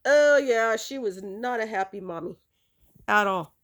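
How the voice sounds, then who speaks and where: A woman telling a personal story in a rambling, halting way, chuckling now and then. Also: on the high side, expressive, fairly bright tone.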